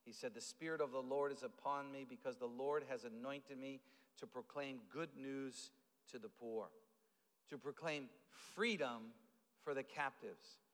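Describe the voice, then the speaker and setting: A man preaching a sermon as pastor, telling stories in an animated way with lots of fillers and restarts. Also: medium pitch, in a large hall. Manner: animated storytelling with fillers and repeated starts.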